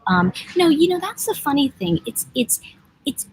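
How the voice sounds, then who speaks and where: A woman's voice: high voice, sing-song, normal speed, slight background noise, rough recording. A woman from the United States hosting a casual livestream from an airport lounge, rambling and teasing as she reads out viewer comments. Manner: rambling, chatty, digressive, teasing. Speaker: livestream host and oracle deck author.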